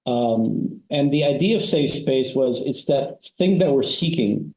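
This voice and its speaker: A man's voice: mid-range voice, animated, measured pace, darkish tone, reverberant, poor audio. A man advising on family business, explaining ideas in a conversational interview and telling stories with frequent "you know" and "right?" tags.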